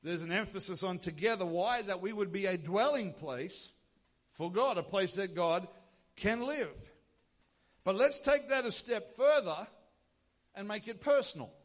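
A man preaches a sermon from the pulpit. His voice sits high for a man. He drives his points with rhetorical questions and repeated lines. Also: expressive, unhurried, pauses often. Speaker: pastor.

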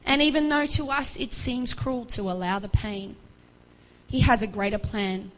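A woman's voice: on the high side, fairly even intonation, normal speed, low-quality recording. A woman preaching a sermon, retelling a Bible story earnestly and acting out the voices of its figures with pleading rises.

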